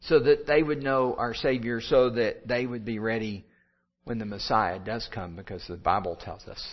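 A man preaching to his congregation in a steady mid-range voice. He builds his points through repeated phrases that rise and fall. The recording sounds muffled and lo-fi. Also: mid-range voice, normal speed. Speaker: pastor. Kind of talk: sermon.

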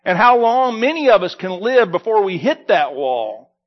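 A high-voiced man preaches a sermon as a pastor, reading scripture and then teaching from it. His delivery swells into emphatic repetitions and sinks to hushed, quiet endings. The recording sounds dull and lo-fi. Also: big pitch swings, normal speed.

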